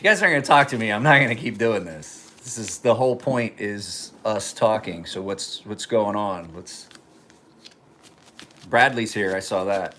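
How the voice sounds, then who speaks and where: A man's voice: lowish voice, normal speed, bright, forceful tone, slight background noise. A man casually chatting on a livestream from his home kitchen, rambling and joking as he talks. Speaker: knife sharpener and livestream host.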